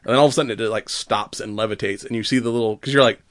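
Male co-host, casual and animated, acts out lines, dry room. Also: on the low side, racing, dry recording. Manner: animated, laughs often, acts out quotes. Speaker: podcast co-host. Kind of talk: casual chat.

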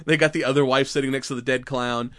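A man co-hosting a podcast, retelling movie scenes in a casual, animated way and laughing often. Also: mid-range voice, quick pace, dry recording, clean studio sound. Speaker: podcast co-host. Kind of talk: casual movie recap chat.

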